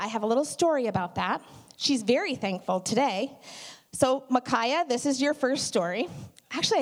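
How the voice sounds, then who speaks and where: A middle-aged woman giving a conversational sermon, telling animated stories with many asides. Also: high-pitched. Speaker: church speaker.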